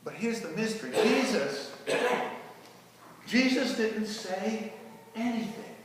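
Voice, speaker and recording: A pastor playing the apostle Peter, an ashamed and grieving grown man, in a dramatic first-person sermon monologue that swings from hushed tones to shouting. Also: high voice, animated, slow, slight background noise. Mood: hushed, fearful. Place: large church sanctuary. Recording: echoey church hall from far off.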